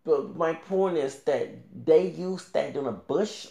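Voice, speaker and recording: Rambling man with a gravelly voice. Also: fairly high pitch, a little slow, warm tone, reverberant. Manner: rambling, with many restarts and fillers; talks back directly to another creator. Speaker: YouTuber. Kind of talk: casual ranting commentary.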